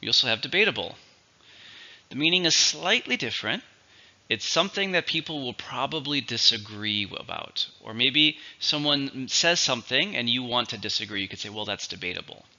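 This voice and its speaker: A man teaching English vocabulary in a recorded lesson, patiently repeating each word slowly for learners. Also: medium pitch, expressive, pushed and bright, highs cut off.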